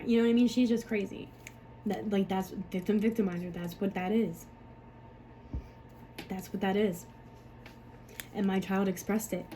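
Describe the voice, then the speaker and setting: A woman's voice: mid-range voice, mellow, slight background noise, rough recording. A woman, a mother, talking to camera in a rambling, frustrated way, full of fillers and swearing. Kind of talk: emotional personal monologue.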